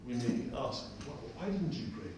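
A man's voice: medium pitch, big pitch swings, moderate pace, dark tone, slight background noise. A man preaches a conversational sermon and drives his points home by repeating key phrases. He is picked up from a distance in a very echoey hall, with faint room ambience underneath. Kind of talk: sermon with personal story.

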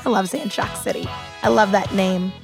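A woman hosting a casual radio talk show from a studio, upbeat and quick to laugh. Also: medium pitch, vocal fry, music in the background. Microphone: studio microphone.

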